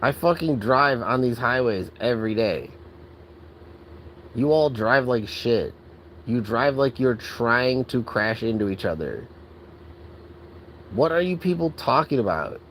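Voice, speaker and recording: A man's voice: medium pitch, lively intonation, unhurried, long pauses, a bit bright, slight background noise, poor audio. A man ranting angrily and profanely in a casual vlog, exasperated and full of filler words. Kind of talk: angry rant.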